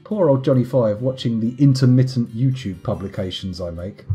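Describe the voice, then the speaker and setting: A man's voice: mid-range voice, moderate pace, dark tone, soft background music. Wry, rambling man streaming a game. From United Kingdom. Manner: rambling, wry, self-mocking asides. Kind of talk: casual live gameplay commentary.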